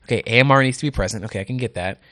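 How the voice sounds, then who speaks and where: A man on a studio microphone telling a casual story, animated and quick to laugh as he acts out the people he quotes. The room sound is dry and close. His pitch sits in an ordinary middle range. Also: dry recording. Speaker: radio host and race organizer. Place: indoor podcast studio.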